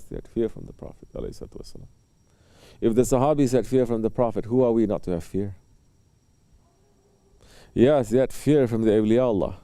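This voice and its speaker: Man giving a sermon, super dark mellow voice, slow with lots of pauses, acts out little stories, dry close sound. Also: lowish voice, no room sound. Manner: storytelling, acting out short exchanges between people; unhurried, with pauses and soft fillers. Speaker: Sufi religious teacher.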